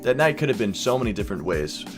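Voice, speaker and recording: A young man vlogging, casually telling a wild night's story with lots of swearing and animated quoted voices. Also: on the low side, quick pace, over music. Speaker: YouTuber.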